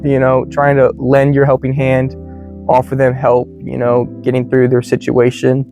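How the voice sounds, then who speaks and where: An American man teaching English in a relaxed, slangy way, full of "you know" and "like". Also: medium pitch, normal speed. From United States. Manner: laid-back, slangy, many fillers like "you know" and "like". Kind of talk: casual explanatory lesson. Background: faint guitar music.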